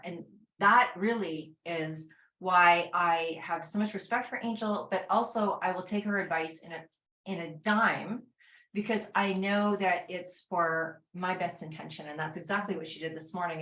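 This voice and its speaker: A woman telling a rambling, animated story in casual talk, acting out her own inner voice. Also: lowish voice, reverberant. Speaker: summit organizer speaking to a panel.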